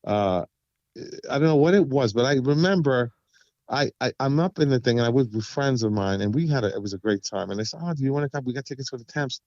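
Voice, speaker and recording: Appearing as a guest vocalist on an interview show, this man talks quickly and casually, spinning stories full of vivid voiced quotes. He's an animated storyteller who acts out lines with big leaps in pitch. The recording is lo-fi and dry, with no room sound.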